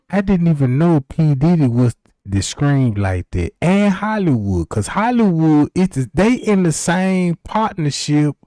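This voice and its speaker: On a livestream, a man with a slightly high, dark-toned voice rambles through profane comedic stories, repeatedly asking "you know what I'm talking about." Dry, clean studio sound.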